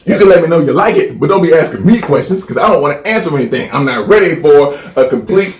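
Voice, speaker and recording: A man's voice: on the high side, fast talker. Profane ranting man, echoey room. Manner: animated, profane, repeats phrases for comic buildup. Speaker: podcast co-host. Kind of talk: crude comedic podcast rant.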